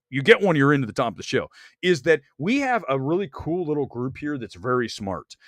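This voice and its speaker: A man hosting a live-streamed movie talk show, ranting in an animated, rambling way about awards-night results. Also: mid-range voice, dry recording, clean studio sound. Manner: animated, rambling, emphatic rants. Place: Los Angeles area.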